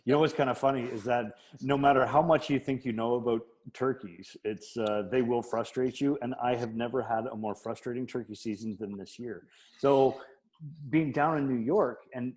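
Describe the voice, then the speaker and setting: A man's voice: mid-range voice, a little mellow, poor audio. Rambling man telling stories. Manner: rambling storyteller, wry about his own failures. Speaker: guest hunter. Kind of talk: casual podcast chat.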